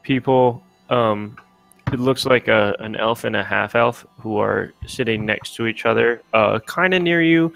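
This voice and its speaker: A man's voice: medium pitch, unhurried, creaky, a bit bright, no room sound, soft background music, poor audio. Male game master, loose rambling narration, dry recording. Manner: rambling, full of fillers and restarts.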